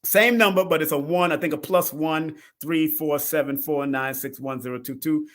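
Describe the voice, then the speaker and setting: A middle-aged man hosting a live numerology talk show, casual and animated, laughing often and swinging from loud bursts to soft asides. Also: fairly high pitch, normal speed.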